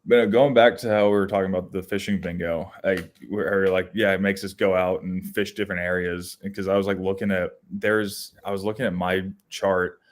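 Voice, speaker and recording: A young man co-hosting a podcast shares easygoing stories about the outdoors, his low voice moving at a moderate pace with hardly any pauses. His telling is animated and rambling, packed with restarts and fillers.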